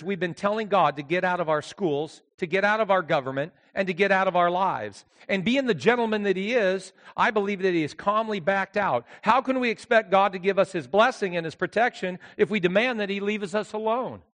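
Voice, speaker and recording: A man preaching a sermon with emphatic delivery, swinging between loud outbursts and quiet asides. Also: high voice, brisk, hardly any pauses, long reverb tail. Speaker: pastor.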